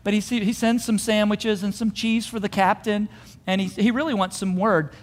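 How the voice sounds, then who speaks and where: A man with a high voice preaches a sermon, retelling a story with animated energy and jumping into the voices of the people in it. His words ring out with a long reverb, as if he is speaking in a large hall. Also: normal speed. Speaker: pastor.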